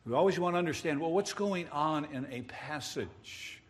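A pastor preaching a sermon, explaining a passage earnestly with emphatic rises and wordplay. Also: male voice, on the high side, normal speed. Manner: self-described wordsmith, plays with words.

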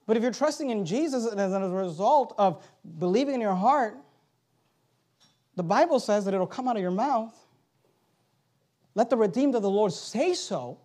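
A man preaching a sermon, reading scripture aloud and swinging between loud, emphatic exhortation and low, urgent asides. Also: lively intonation, normal speed, pauses often.

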